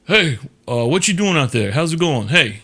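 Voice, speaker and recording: A man's voice: on the high side, big pitch swings, normal speed, pushed and bright, exaggerated voice. A man voicing an old female dog who speaks in an easygoing, friendly way. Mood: curious.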